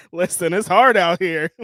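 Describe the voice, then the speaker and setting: A man's voice: high voice, bright, forceful tone, no echo. Joking, laughing male co-host with a dry sound. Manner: enthusiastic, joking, swears casually, laughs a lot. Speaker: wrestling show co-host. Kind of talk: casual podcast chat.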